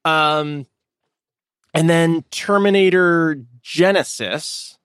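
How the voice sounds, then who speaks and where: A man's voice: on the high side, drawn-out words, a bit bright, smooth, dry recording, studio quality. A man hosting a podcast, chatting casually and rambling with fillers. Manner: rambling, loose, with many fillers and restarts. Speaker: podcast host. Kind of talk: casual chat.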